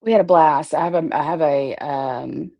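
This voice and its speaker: A woman's voice: low-pitched, normal speed, creaky, muffled recording. A woman hosting a casual livestream, greeting viewers by name and swearing freely. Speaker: livestream host.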